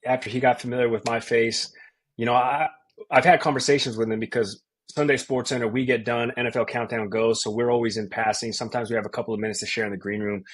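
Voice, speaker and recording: A man in his thirties from Colorado, a sports anchor telling a casual, animated story as a podcast guest, full of slang. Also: medium pitch, fast, breathy edge. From Colorado, USA.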